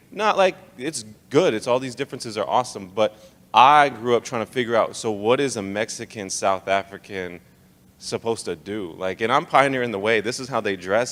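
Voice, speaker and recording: Speaking in a fairly low, slightly bright voice, a young man from Texas jokes casually as he shares his life story with an audience. It's a personal testimony talk, heard through long hall reverb.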